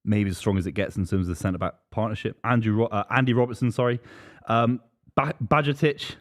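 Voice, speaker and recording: A man's voice: on the low side, fairly even intonation. A man co-hosting a live football chat show, joking with his co-hosts and reading out team lineups. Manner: fast, jokey, reads lineups aloud.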